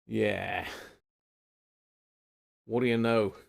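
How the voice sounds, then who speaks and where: A man's voice: lowish voice, fairly even intonation, very slow, vocal fry. A man hosting a live repair stream, thinking aloud in a rambling, casual way and chatting with viewers. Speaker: radio repair livestream host.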